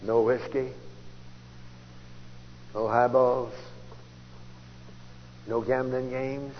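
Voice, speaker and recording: Folksy preacher on an old tape. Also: male voice, medium pitch, lively intonation, moderate pace, long pauses. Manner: folksy storytelling, swings from loud outbursts to hushed asides. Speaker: preacher giving testimony. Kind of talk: testimony sermon. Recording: dull old tape recording in a large hall, faint hiss.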